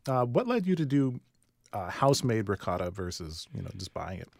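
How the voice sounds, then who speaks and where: A man's voice: on the low side, big pitch swings, a little fast, gravelly, a little mellow, no room sound, clean studio sound. A man hosting a live radio interview in a restaurant, eager and tasting dishes as he talks. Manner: enthusiastic, tasting food while talking. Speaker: radio host.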